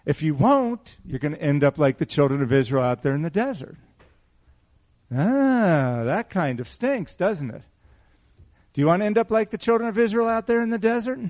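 Animated man preaching to a small congregation. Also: a little high. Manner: animated, rhetorical questions to congregation. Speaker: pastor. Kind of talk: sermon. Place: small church hall.

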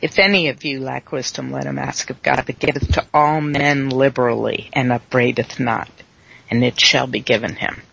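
A Bible study leader teaching slowly, quoting scripture and laughing easily with the group. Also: mid-range voice, fairly even intonation, vocal fry, a little hiss or hum. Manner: slow, warm, laughs easily, quotes scripture. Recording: dull lo-fi recording.

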